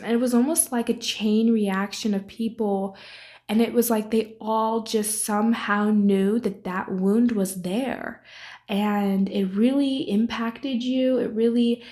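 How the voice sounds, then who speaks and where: A woman's voice: fairly high pitch, warm tone. A young woman giving a casual tarot reading to camera, talking freely with many fillers and tag questions. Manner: chatty, many fillers, ends points with 'right?'. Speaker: tarot reader.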